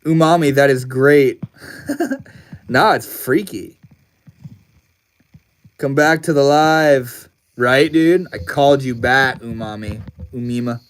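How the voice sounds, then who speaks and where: A man's voice: mid-range voice, slow, pauses often, clear, resonant tone. A young man hosting a casual livestream, talking loosely with lots of slang and swearing and laughing often. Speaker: livestream host.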